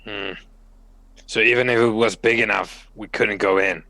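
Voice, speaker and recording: Low gravelly player. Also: male voice, fairly even intonation, brisk, sharp tone, poor audio.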